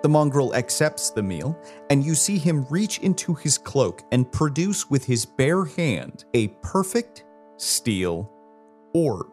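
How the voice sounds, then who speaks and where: A man narrating a tabletop game as game master, describing scenes in an animated way. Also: medium pitch, slow, faint music behind. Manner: animated, descriptive, chuckling at slips.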